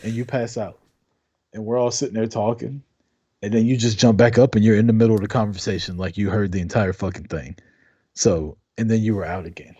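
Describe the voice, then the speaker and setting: A man's voice: on the low side, fairly even intonation, brisk, dark tone, breathy edge, no echo. A man co-hosting a casual live-stream podcast, laid-back and teasing, talking to the chat. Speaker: podcast co-host.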